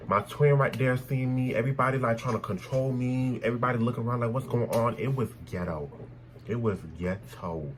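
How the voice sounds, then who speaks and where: A young man telling a personal story in a casual, animated way, blunt and full of swearing. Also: medium pitch, brisk, a little hiss or hum, poor audio. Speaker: storytime vlogger.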